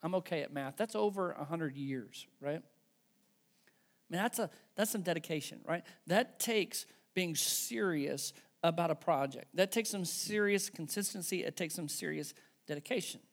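Gravelly-voiced male pastor preaching. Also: a little high, measured pace. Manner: conversational, emphatic, tags with "right?" and "okay". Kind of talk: sermon.

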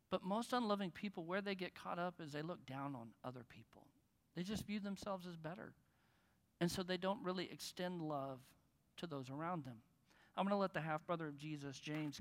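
Preaching to his congregation in a church, a pastor with a high, fairly bright voice keeps things conversational and cracks jokes. The sound carries the echo of a large hall.

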